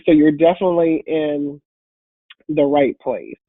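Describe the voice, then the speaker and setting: A woman with a deep voice, congested and a bit hoarse from a cold, giving an upbeat, encouraging webinar talk as a guest speaker. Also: a little slow, no echo. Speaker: guest speaker and patient advocate. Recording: phone-like online call audio.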